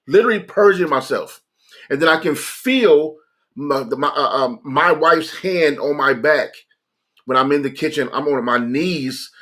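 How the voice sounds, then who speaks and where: Earnest male streamer with a bright, forceful voice, recounting a personal story casually. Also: a little high. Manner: earnest, conversational, repeats phrases for emphasis. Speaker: livestreamer sharing a personal testimony.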